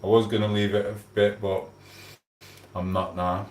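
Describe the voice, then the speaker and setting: A man's voice: fairly low pitch, flat delivery, moderate pace, pauses often. A man hosting a casual livestream at home, chatting and greeting viewers by name. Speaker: livestream host. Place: room at home. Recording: echoey room.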